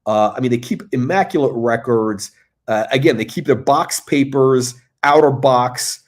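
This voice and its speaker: A man's voice: mid-range voice, moderate pace. A man hosting a casual livestream, talking in a rambling way with many fillers, restarts and asides, into a computer mic. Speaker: host.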